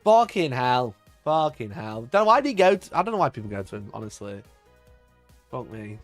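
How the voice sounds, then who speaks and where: A man's voice: mid-range voice, sing-song, fast, fairly bright tone, faint music behind. A man hosting a live stream, chatting casually, swearing often, laughing and reading chat aloud while ranting in mock outrage. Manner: mock outrage, voice jumps up when worked up. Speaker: livestream host.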